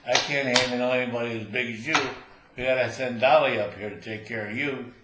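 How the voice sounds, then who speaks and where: A man's voice: mid-range voice, steady tone, fairly quick, heavy background noise, lightly acted. A man doing a flustered brothel girl. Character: young woman at a brothel, flustered. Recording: roomy echoing room.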